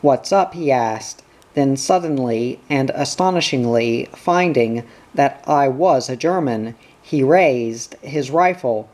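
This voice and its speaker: A reader takes a first-person spy story at a slow, deliberate pace. The delivery is steady and unhurried, with each line given room. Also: medium pitch. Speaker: audiobook reader. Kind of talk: first-person book narration with character voices.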